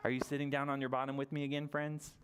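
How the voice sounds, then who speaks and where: A man at a mid pitch leads toddler story time in a library room, speaking in a bouncy sing-song. He asks small children one playful question after another and coaxes them to join in the actions. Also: monotone, fast, slight background noise.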